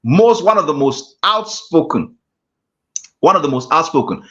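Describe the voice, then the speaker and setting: A man's voice: on the high side, sing-song, measured pace, a bit bright. A man, a guest mentor giving a motivational class talk with emphatic, repeated phrases. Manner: emphatic, preacher-like repetition. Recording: dull lo-fi call audio.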